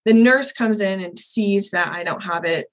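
A young adult woman, a birth doula, telling her own birth story as a guest in a podcast interview, candid and animated, voicing the people she quotes. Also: mid-range voice, normal speed, rough recording. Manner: candid, animated retelling, acts out quoted dialogue.

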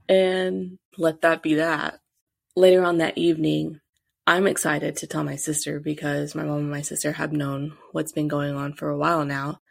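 A woman's voice: low-pitched, moderate pace, gravelly, no room sound, studio quality. A young woman hosting a podcast, telling a personal story casually and animatedly, acting out what people said. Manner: animated, acts out quotes, many fillers. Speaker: podcast host.

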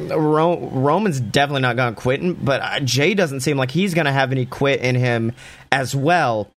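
A young man casually recapping a wrestling show, talking excitedly and swearing a lot. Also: no room sound. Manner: excited, profane, acts out quotes in raised pitch.

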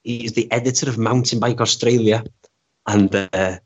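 Male guest, low-pitched, loose self-deprecating storyteller with stumbling restarts; muffled recording. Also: fairly even intonation, normal speed. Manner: rambling, self-deprecating, stammers and restarts often. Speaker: interview guest. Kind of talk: casual storytelling interview. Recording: dull lo-fi recording.

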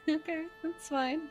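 A woman narrating as game master of a tabletop role-playing game, animated, with loose fillers and frequent laughter. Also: sits high.

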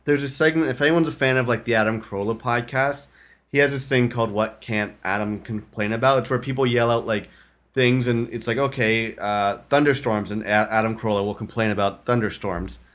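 A man's voice: medium pitch, a little fast, a bit bright. A young man co-hosting a podcast, explaining a new segment in easygoing casual chat. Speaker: podcast co-host.

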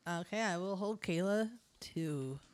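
Giggly woman podcast co-host, slow talker. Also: lowish voice, darkish tone, no room sound. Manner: giggly, chatty. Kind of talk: casual chat.

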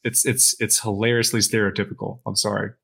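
Low, bright-toned podcast co-host, a man. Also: level tone, fairly quick, creaky, breathy edge. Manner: laughing, chiming in with reactions. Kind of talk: casual chat.

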